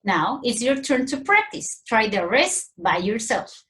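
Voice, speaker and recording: Slow, sing-song Mexican teacher woman. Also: on the high side, sing-song, pushed and bright. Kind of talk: recorded grammar lesson for young children.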